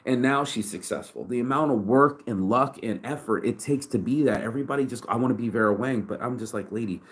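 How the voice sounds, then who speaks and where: A man's voice: medium pitch, a little fast. A man in his forties giving a raw, emotional vlog monologue full of swearing and stumbling, repeated words. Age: 40s. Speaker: vlogger and shirt brand owner.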